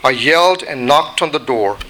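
Brief: man voicing a patient, long-suffering teacup in a storybook parable, bright clear tone. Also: medium pitch, animated, moderate pace, rough recording. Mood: recounting. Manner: plain storytelling read-aloud delivery. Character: little china teacup, once ordinary clay, long-suffering.

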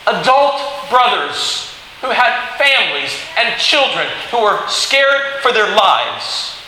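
A man preaching a sermon, telling a Bible story in an animated way and acting out the quoted lines. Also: high voice. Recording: very echoey hall with faint hiss.

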